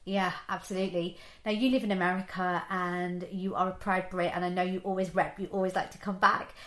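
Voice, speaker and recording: A woman's voice: lowish voice, little pitch movement, brisk. A woman from England interviewing a guest in a chatty, casual way, often saying "like.". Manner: chatty, frequent "like" fillers.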